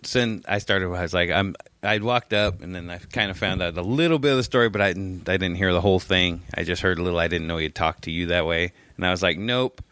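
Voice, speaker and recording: Animated man telling a story. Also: sits low, fast, hardly any pauses, clean tone, dry recording. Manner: animated storytelling, swearing, mimics others. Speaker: podcast co-host. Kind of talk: casual chat.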